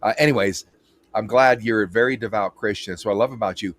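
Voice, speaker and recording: A man's voice: on the low side, a little fast, a bit bright, no room sound. A man hosting an interview, talking bluntly and emphatically with frequent restarts. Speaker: interview host. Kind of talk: casual interview chat.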